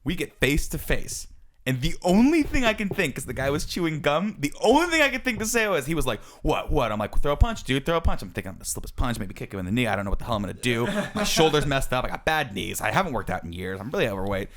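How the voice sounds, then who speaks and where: A man's voice: mid-range voice, big pitch swings, fast, a bit bright. A man in his thirties, a podcast co-host, telling a self-mocking story in casual chat. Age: 30s.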